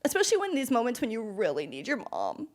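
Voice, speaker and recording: A woman's voice: on the high side, huge pitch swings, fast. A young woman co-hosting a casual podcast, talking in a heartfelt way that turns emotional. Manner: warm, heartfelt, gets emotional about her mom. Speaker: podcast co-host.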